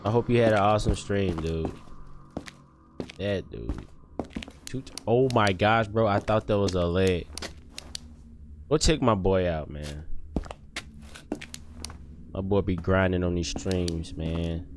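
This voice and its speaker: A young man streaming a horror game, jumpy and excitable, talking in slang to his chat. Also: sits low, slow, pauses often, noisy background. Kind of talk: live horror gameplay commentary.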